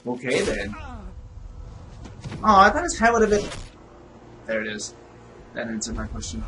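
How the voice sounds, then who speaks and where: Excitable young man playing a game. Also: a little high, measured pace, pauses often, poor audio. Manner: excitable, profane, shouts reactions at the game. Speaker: gaming video host. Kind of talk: casual let's-play commentary.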